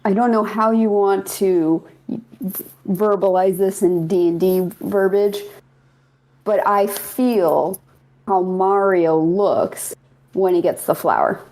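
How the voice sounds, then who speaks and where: Slow, dry-humored female player. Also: medium pitch, a little mellow. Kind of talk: casual tabletop game play.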